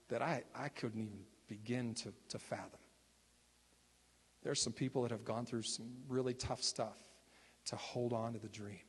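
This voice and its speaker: Man, minister, husky voice, conversational testimony, acts out quotes, long hall reverb. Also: medium pitch. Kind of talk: sermon testimony storytelling.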